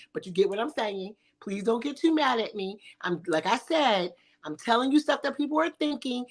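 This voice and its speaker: A woman's voice: a little high, a bit bright. A middle-aged woman hosting a talk show, speaking bluntly and sassily with frequent swearing. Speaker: podcast host. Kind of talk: provocative casual talk.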